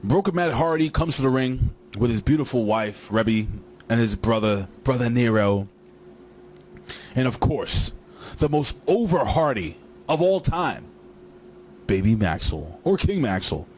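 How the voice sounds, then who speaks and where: A man's voice: medium pitch, lively intonation, measured pace, long pauses, darkish tone, a little hiss or hum. A man recapping a wrestling show in a casual, rambling way, joking and talking straight to his viewers.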